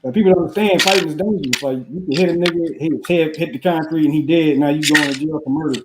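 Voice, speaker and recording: Dude talking real fast and slangy, kinda high voice. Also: male voice, background noise. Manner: fast, emphatic, heavy street slang. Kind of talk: casual chat.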